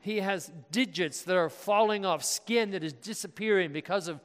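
A male pastor with a high voice delivers a sermon in a large church, his words trailing off into a long reverb. He keeps putting questions to the congregation and stressing the words he wants them to notice. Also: moderate pace, smooth.

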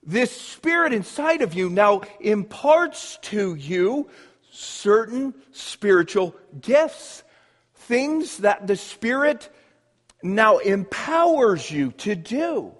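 A male pastor preaching a sermon with emphatic, drawn-out pauses. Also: sits high, very animated, in a large hall.

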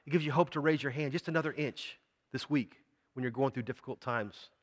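The mid-range voice of a pastor moves briskly through a sermon, chatting with the church congregation and asking them questions. A big-room sound surrounds him.

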